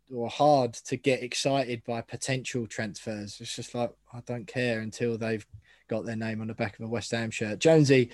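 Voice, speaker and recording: A man's voice: mid-range voice, darkish tone, no room sound, studio quality. A man hosting a football fan podcast, chatting casually and rambling a little, laughing easily. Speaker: podcast host.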